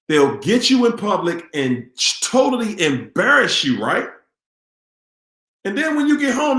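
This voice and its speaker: A man's voice: very high voice, sing-song, measured pace, long pauses, bright, forceful tone, echoey room. A man hosting a live question-and-answer stream, talking casually and animatedly to viewers, repeating himself and asking the audience questions in a preachy way.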